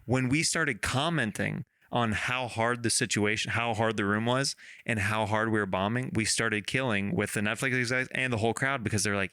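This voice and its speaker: A man hosting a podcast talks in an easy, rambling way, circling back and restarting his thoughts as he goes. His voice is bright and forceful, with a smooth, clean clarity. It is recorded dry and close, with almost no room sound. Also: fairly low pitch, moderate pace, few pauses, no echo. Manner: rambling, many restarts, laughs often. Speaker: podcast host. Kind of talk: casual interview chat.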